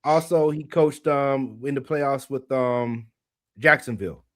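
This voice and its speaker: A man's voice: medium pitch, a little slow, a bit bright. A man co-hosting a casual sports podcast, explaining at length in a loose, chatty way. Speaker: podcast co-host, trivia presenter.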